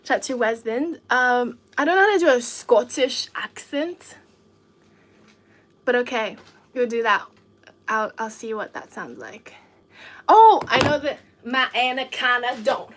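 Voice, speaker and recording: A woman chatting casually to viewers on a livestream, talking in quick, giggly bursts of excitement. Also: fairly high pitch.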